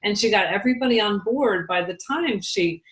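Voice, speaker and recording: A woman's voice: medium pitch, lively intonation, brisk, echoey room, rough recording. A woman leading a casual team talk, telling chatty stories and laughing easily. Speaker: team leader.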